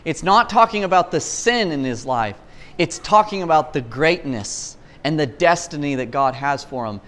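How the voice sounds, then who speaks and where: A man's voice: a little high, lively intonation, normal speed, fairly bright tone. A man preaching casually, retelling a scripture story in loose storytelling talk with slang and frequent restarts. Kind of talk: casual sermon.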